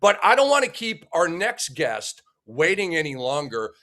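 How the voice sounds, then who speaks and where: A man hosting a sports debate show, talking casually and excitedly with a head cold, joking with his guests and often restarting sentences. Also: a little high, moderate pace. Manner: enthusiastic, jokey, with frequent fillers and restarts.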